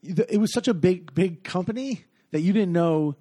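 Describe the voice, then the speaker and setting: A man with a somewhat high voice tells a long story in a casual podcast chat. He rambles, filling his sentences with fillers, and acts out what people said to him. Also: normal speed, dark tone, slightly rough. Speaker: guest telling a story.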